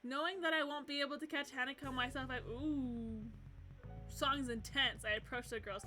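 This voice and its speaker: A woman streamer reading a visual novel aloud and gushing excitedly between lines, often giggling. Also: high voice, moderate pace, faint music behind.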